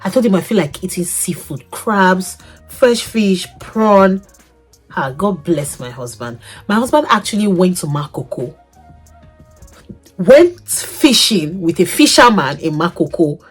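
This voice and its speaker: A young woman, telling a personal story in a casual vlog, animated and laughing, jumping between loud outbursts and soft asides. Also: on the low side, a little slow, slightly rough, soft background music. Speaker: vlogger.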